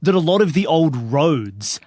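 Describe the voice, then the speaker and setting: A man's voice: a little high, big pitch swings, unhurried, a little mellow, no room sound, studio quality. A man playing along as a panelist on a comedy podcast, joking and acting out bits. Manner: playful, jokey, acts out voices.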